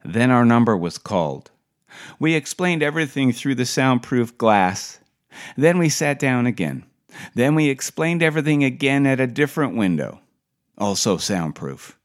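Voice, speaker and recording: A man's voice: mid-range voice, very animated, moderate pace. A middle-aged man reading his own personal essay for a podcast in a dry, wry storytelling manner.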